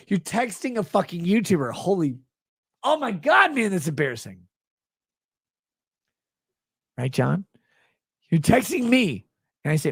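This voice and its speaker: A drunk man slurs through a sneering, mocking rant on his stream. His voice leaps around in pitch and has a husky grain, heard close and dry with no room at all. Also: very animated, normal speed, no echo. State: drunk, slurring.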